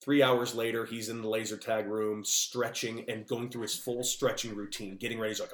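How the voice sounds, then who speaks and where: A man, a former baseball player, telling lively stories as a podcast guest over a remote call. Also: lowish voice, a little fast, hardly any pauses, roomy sound. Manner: animated, lively storyteller with big outbursts. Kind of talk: casual storytelling.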